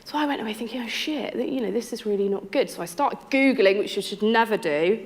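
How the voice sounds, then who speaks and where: A woman's voice: fairly high pitch, fast talker. A woman, telling a personal story candidly and frankly, acting out quoted thoughts and voices. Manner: candid, frank, lively quoting of others and herself. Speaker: interviewee telling her story.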